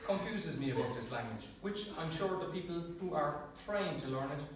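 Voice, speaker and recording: An Irish man with a slightly high voice delivers a light, self-mocking prepared speech, chuckling as he goes. He stands well back from the microphone, and his voice rings around a very echoey room with a faint hiss behind it. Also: animated, moderate pace. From Ireland. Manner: joking, self-deprecating, chuckles often. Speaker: club speaker. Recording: very echoey room, distant mic.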